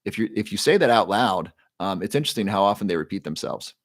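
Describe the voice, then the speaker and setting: Low-voiced man answering a live chat. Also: quick pace, no echo, studio quality. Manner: relaxed, guides breathing, reads chat names aloud. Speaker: livestream host. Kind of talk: casual livestream talk, answering chat.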